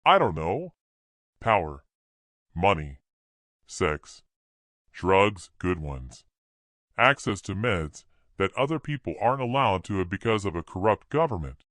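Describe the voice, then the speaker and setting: A man's voice: low-pitched, very animated, measured pace, pauses often, a bit bright, dry recording, studio quality, full character voice. A man voicing a troubled young woman in a storybook reading, weary and trailing off.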